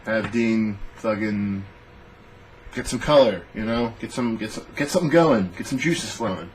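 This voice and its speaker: Young male host, casual profane rant, low voice, faint background noise. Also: moderate pace, rough recording. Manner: rambling, profane, animated storytelling. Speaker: podcast host. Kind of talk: casual rant on fantasy booking.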